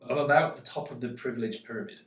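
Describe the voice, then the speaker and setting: Self-deprecating English man, roomy sound. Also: medium pitch. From England. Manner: self-deprecating, halting restarts. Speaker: interviewee. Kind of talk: candid interview talk. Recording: roomy, from a distance.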